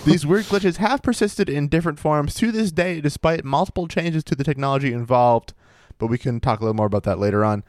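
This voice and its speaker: A man co-hosting a casual podcast, reading out odd stories in a wry, animated way. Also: a little high, a little fast, hardly any pauses, no echo, clean studio sound. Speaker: podcast co-host.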